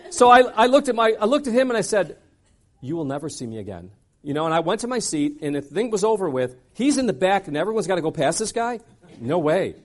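High-voiced man telling a dramatic story. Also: a little mellow. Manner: dramatic, acts out scenes, frequent asides. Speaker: speaker telling a personal story. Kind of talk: animated storytelling sermon.

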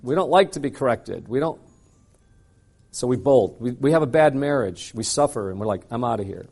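Animated preacher man telling a story. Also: moderate pace. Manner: animated, dramatic storyteller who acts out dialogue; swings between loud punchy lines and quiet low asides. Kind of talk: sermon storytelling.

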